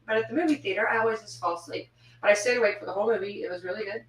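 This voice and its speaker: Chatty podcast lady, laughs a lot, goes quiet on asides, roomy echo, kinda far from the mic. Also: medium pitch, racing. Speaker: podcast co-host. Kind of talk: casual chat. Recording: roomy sound from a distance off the mic.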